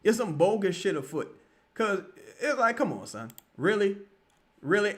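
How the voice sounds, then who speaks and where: A man giving profane, excitable live commentary while he watches a basketball game, often shouting at plays. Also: sits high, moderate pace. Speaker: live-reaction streamer.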